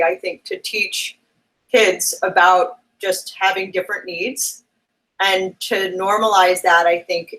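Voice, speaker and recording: A woman interviewing a guest over a video call, speaking gently and reassuringly, at times tearful. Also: mid-range voice, rough recording.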